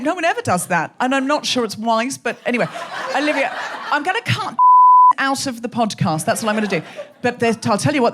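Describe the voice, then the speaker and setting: A woman with an English accent and a faint Australian trace, hosting a live comedy show in a theatre with quick, teasing audience banter. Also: high voice, heavy background noise. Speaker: comedy podcast host.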